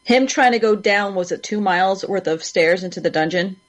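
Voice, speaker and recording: A woman joins a casual review panel and talks in a chatty way, stumbling over her first words before finding her point. Her pitch sits in the middle range. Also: brisk.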